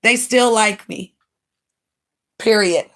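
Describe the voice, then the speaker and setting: A woman's voice: mid-range voice, takes it slowly, a bit bright. A woman from the United States, livestreaming in blunt, brash and mocking casual chat.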